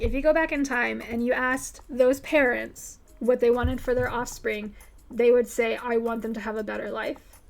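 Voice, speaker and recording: A woman's voice: on the high side, darkish tone. A woman hosting a livestream, answering viewer questions in a candid, profane, emphatic way. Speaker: livestream host. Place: home streaming setup.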